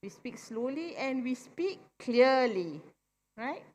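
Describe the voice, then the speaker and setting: A middle-aged woman with a Malaysian English accent speaks to an audience in a convention centre hall, and the recording carries the hall's long reverb. Her voice sits high and animated as she explains slowly and plainly, forum-style, repeatedly asking "right?" to check they follow and agree.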